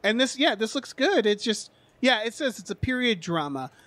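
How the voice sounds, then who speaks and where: A man's voice: sits high, sing-song, moderate pace, fairly bright tone, no room sound. A man co-hosting a podcast, chatting casually about film trailers in a rambling, jokey way with some swearing. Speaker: podcast co-host.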